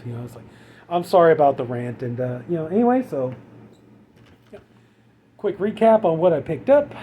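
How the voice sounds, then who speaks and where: Exasperated, high-voiced man ranting casually. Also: warm tone, a little hiss or hum. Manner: rambling, exasperated, many fillers. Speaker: channel host. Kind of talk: casual vlog rant.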